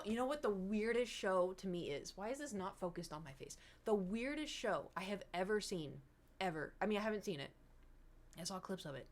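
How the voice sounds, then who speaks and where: A young woman chatting casually with viewers on a livestream, rambling and animated, slipping into mocking impressions. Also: medium pitch. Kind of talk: casual stream chat with viewers.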